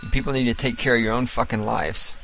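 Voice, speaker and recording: A man's voice: medium pitch, fairly even intonation, fast talker, creaky, a bit bright, faint music behind, low-quality recording. A young man hosting a podcast, giving a profane, sarcastic running commentary on a film as he watches it. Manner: sarcastic, ranting, swears constantly.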